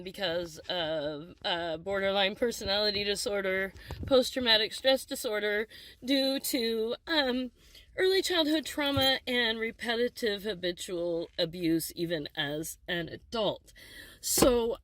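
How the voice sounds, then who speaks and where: A woman's voice: a little high, pushed and bright, dry recording, low-quality recording. A middle-aged woman talking to the camera in a rambling, agitated rant about a bad appointment. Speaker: vlogger.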